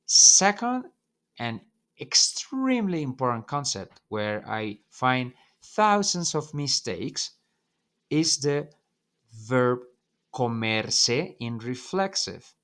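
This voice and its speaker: A man's voice: medium pitch, fairly bright tone. Teacher guy explaining in english, takes his time, keeps stressing stuff and asking yeah?. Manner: repeats points with emphasis, checks in with "yeah?". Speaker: Spanish teacher. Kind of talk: online language lesson.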